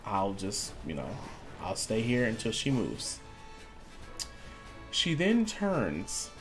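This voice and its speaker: A man streaming a video game, chatting casually and acting out the voices of people in his story. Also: medium pitch. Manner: animated storyteller, acts out quoted voices. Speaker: gaming streamer. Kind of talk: casual storytelling while gaming.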